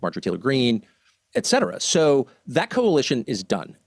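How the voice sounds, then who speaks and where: A man's voice: medium pitch, wildly swooping pitch, fairly quick, vocal fry, no echo, studio quality. An American man speaking as an interview guest, emphatic and heartfelt, pressing his point with conviction. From United States. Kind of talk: political interview.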